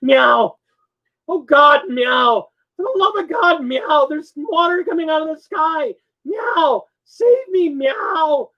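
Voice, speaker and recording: A man's voice: very high-pitched, expressive, slow, highs cut off, pitched above the performer's own voice, heavily acted. A man voicing a panicked pet cat, wailing desperate meows and pleas in the rain.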